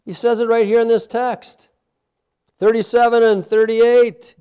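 A man preaching a sermon in a church sanctuary, with impassioned rises and a hushed closing prayer. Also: very high-pitched, flat delivery, unhurried, smooth. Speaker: pastor.

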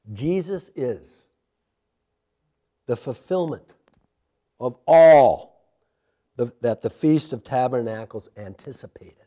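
A man preaching a sermon in a church sanctuary, with impassioned rises and a hushed closing prayer. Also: on the high side. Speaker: pastor.

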